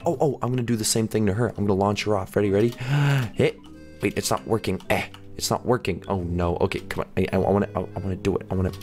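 A man hosting a gaming video, giving playful, jokey let's-play commentary as he plays. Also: on the low side. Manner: playful, animated, jokey self-talk.

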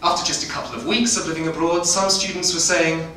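A man's voice: high voice, level tone, fast talker, bright, forceful tone. Young male stand-up in an echoey venue. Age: 20s. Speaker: stand-up comedian. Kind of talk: stand-up comedy set. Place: comedy venue stage. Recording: echoey hall, mic far off. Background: audience laughter and room noise.

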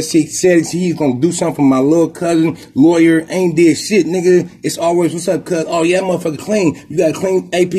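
A man from Oakland with an Oakland accent, hosting a podcast and telling a story in a rapid, profane, animated street style. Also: sits high, husky. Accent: Oakland, Bay Area. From Oakland, California. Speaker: podcast host. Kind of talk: casual monologue storytelling.

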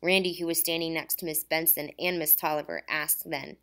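A woman reading a novel aloud in a steady, measured storytelling voice. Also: deep voice. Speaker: audiobook reader. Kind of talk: scripted narration.

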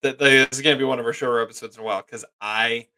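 A man's voice: mid-range voice, steady tone, racing, sharp tone. A man co-hosting a casual podcast, playful and repeating phrases for emphasis. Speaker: podcast co-host.

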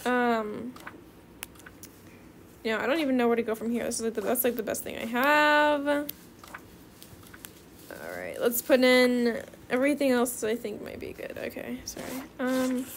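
Bubbly high-voiced young girl gamer. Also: a little slow, pauses often, slight background noise. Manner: bubbly, excitable, chatty; calls viewers bestie. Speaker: gaming video creator. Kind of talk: casual gameplay commentary.

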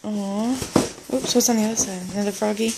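A woman's voice: mid-range voice, fairly even intonation, brisk, gravelly. A young mother casually unboxing a gift package with her kids at home, gushing and exclaiming. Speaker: mother and vlogger. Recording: noisy home video.

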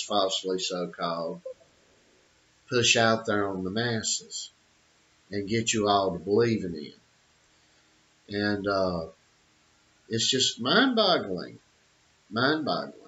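A man's voice: on the low side, a bit bright. A middle-aged man giving an opinionated monologue, emphatic, with repeated phrases and many fillers. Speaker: channel host. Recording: dull lo-fi audio.

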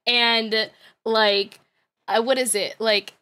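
A woman streamer in her thirties with a high, bright voice talks loosely to her chat. She laughs often, swears freely and wanders through stories with plenty of "like"s. Her delivery is casual and unscripted. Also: steady tone, slow.

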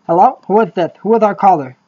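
A woman's voice: medium pitch, quick pace, muffled recording, close to an everyday voice. A woman voicing a crude, foul-mouthed male podcast host who talks brashly and stammers, in a parody call-in show.

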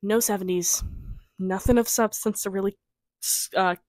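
A woman's voice: mid-range voice, fairly even intonation, moderate pace, a little mellow, dry recording. Young woman rambling thru a trailer review, giggly, trails off mumbling, dry close sound. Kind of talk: casual review chat.

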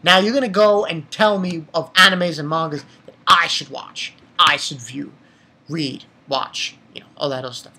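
A young adult anime reviewer giving a casual episode recap, rambling and excitable and swearing freely. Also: mid-range voice, normal speed, husky.

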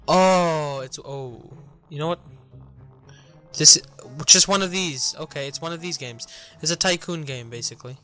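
A man's voice: a little high, unhurried, pauses often, bright, forceful tone, soft background music. A man hosting a casual let's-play, chatting and reading game dialogue aloud as he goes, often cutting himself off mid-word. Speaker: gaming channel host. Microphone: desk mic, no webcam.

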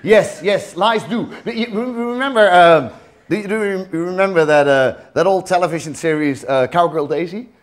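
A Dutch stand-up comedian from the Netherlands, male with a very high voice, performs live on a theater stage at a moderate pace. His delivery is mock-earnest, full of stammering repetitions and chuckles.

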